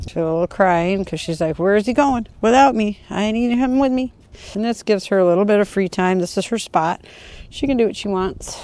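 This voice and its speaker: Calm middle-aged woman training a puppy outdoors. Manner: calm explaining, with high sing-song praise calls to a puppy. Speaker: dog owner and trainer. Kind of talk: casual training vlog narration. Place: outdoors on a neighborhood walk.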